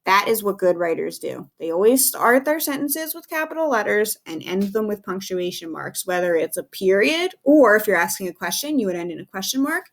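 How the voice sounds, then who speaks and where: A woman's voice: medium pitch, sing-song. Patient woman teaching young children. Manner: patient, encouraging, slow and clear for young kids. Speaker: second grade teacher. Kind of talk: recorded remote phonics lesson for children.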